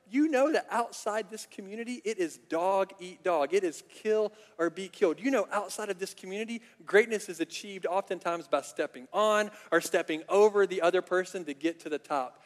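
A male pastor preaches in a lively conversational way, filled with casual fillers. His voice is high for a man, and a long reverb from the church auditorium trails each phrase. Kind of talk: sermon. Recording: long reverb of a large hall.

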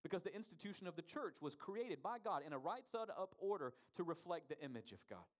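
A man's voice: high-pitched, sing-song, brisk. A man preaching a sermon, asking the congregation rhetorical questions and stressing key words. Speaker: pastor.

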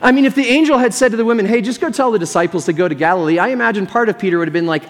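A man's voice: high voice, rapid-fire, few pauses. A man preaching a sermon as pastor, telling a story earnestly and imagining what people thought and said. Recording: long reverb of a large hall.

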